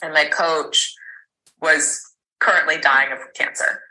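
A woman's voice: deep voice, fairly even intonation, takes it slowly, bright, forceful tone, poor audio. A woman in her thirties, a podcast guest, tells a personal story candidly, rambling with fillers and restarts and an occasional swear word.

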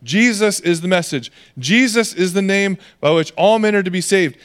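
A man's voice: high voice, animated, normal speed, a bit bright, clear, resonant tone. A man preaching a sermon in a conversational way, acting out the voices of people in the stories he tells. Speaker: pastor.

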